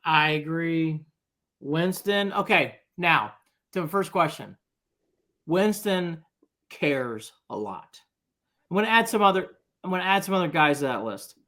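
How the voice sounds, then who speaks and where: A man's voice: a little high, lively intonation, measured pace, pushed and bright. A man co-hosting a sports talk show, laying out his points with emphasis. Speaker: co-host.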